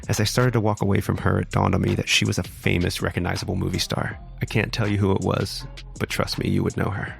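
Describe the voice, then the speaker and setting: Deep gravelly man telling a story. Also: little pitch movement, fast talker, faint music behind. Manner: casual, wry, swears freely. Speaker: podcast host. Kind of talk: storytelling narration.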